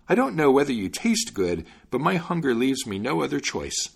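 A man's voice: medium pitch, big pitch swings, moderate pace, gravelly, breathy edge, voice pushed up, heavily acted. A man voicing a cheerful, hungry little tailor with a jaunty manner. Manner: jaunty, good-humored.

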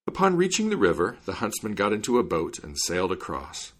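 Man reading a fairy tale, lively pitch. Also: a little fast, hardly any pauses. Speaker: reader.

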